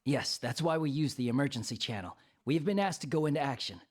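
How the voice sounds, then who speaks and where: A woman voicing a composed female commanding officer who speaks in a cool, businesslike, low tone. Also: lively intonation, a little fast, darkish tone. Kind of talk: reading a game story aloud.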